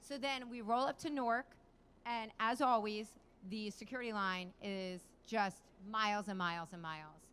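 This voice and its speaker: A middle-aged woman, chatting and teasing her husband in a lively way. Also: medium pitch, normal speed, smooth. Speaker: guest, the host's wife. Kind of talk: casual chat.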